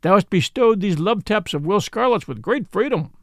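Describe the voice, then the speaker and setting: A man's voice: high-pitched, expressive, no echo, clean studio sound. A man doing a roaring jolly friar. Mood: hearty. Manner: roaring, slow and loud. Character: jolly booming male friar, hearty.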